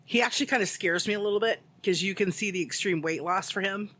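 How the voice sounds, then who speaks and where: Casual podcast co-host, male, high and bright, rambling storyteller. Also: fast. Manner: rambling storyteller, heavy use of "like". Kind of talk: casual chat.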